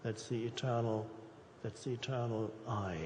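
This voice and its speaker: A man, a spiritual teacher, speaking in a slow, measured, deliberate way in conversation. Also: medium pitch, fairly even intonation, darkish tone. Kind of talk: reflective conversation. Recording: echoey hall, faint noise.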